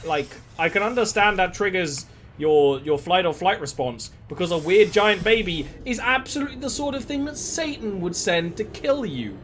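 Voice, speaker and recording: A man's voice: high voice, lively intonation, moderate pace, a bit bright, slight background noise. A man streaming a game, chatting casually and rambling from one tangent to the next in a self-deprecating way. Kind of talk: casual gameplay chat.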